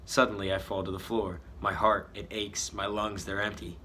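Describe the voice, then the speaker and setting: Here a man speaks in a lowish, level voice at a moderate pace, with a sharp tone and a bit of background noise. He's reading something he wrote as a kid and cracking jokes about its spelling and pictures, adding mocking commentary about his old writing.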